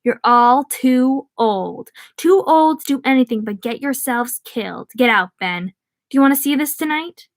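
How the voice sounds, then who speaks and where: A woman's voice: lively intonation, moderate pace. A woman reading aloud, voicing a cruel, shrieking clown monster that taunts a boy. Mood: menacing. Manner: shrill, mocking taunts.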